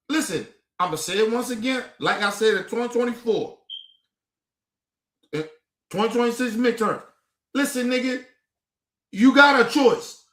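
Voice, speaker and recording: High-pitched ranting man, echoey room. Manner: profane, exasperated ranting, rising to shouts. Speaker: political commentary streamer. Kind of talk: casual heated commentary.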